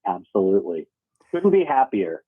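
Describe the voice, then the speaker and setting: A man joins a radio interview by phone as the guest, an animation creator who talks with eager enthusiasm, rambling and laughing along the way. His voice is fairly low. The phone line thins his voice into a tinny, narrow band, and the sound is dry, with no room around it. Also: big pitch swings, moderate pace, no echo. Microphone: phone call.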